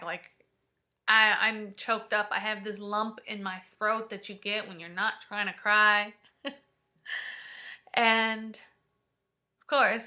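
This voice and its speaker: Speaking at a medium pitch, a woman vlogger recounts something personal, her delivery emotional and halting. At times her voice sinks to a hush.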